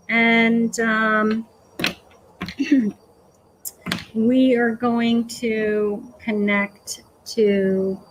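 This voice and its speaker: A woman psychic medium speaks slowly and softly during a live-streamed reading, pausing often with "okay" and "um". Her voice sits fairly high and stays gentle throughout. A faint hum of noise runs behind her. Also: rough recording. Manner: slow, hesitant, full of "okay" and "um".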